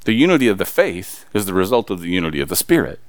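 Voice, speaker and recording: A man preaching a sermon as pastor, swinging from loud, emphatic lines to low, confiding asides. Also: very animated, quick pace, dry recording.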